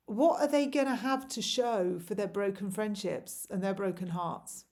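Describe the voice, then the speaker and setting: Speaking at a moderate pace, a parent vlogger in her forties with a somewhat high yet dark-toned voice makes an impassioned, pleading address to the camera, filled with rhetorical questions.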